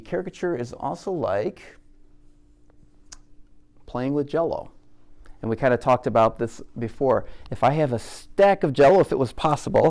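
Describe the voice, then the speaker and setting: Teaching an art group live, a man with a mid-range, creaky, darkish voice demonstrates caricature. He keeps it conversational, cracking jokes and quizzing the audience.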